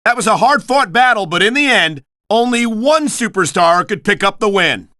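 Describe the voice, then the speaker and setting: A middle-aged man calling play-by-play for a wrestling video game, earnest and excitable, a bit prim and scolding. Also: high voice, moderate pace, no echo, studio quality. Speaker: play-by-play commentator.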